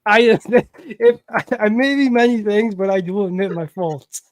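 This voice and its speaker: A middle-aged man with a high voice banters on a podcast. He jokes loudly and swears freely. The sound is dry and close. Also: unhurried, dry recording. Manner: loud, profane, joking. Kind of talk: casual banter.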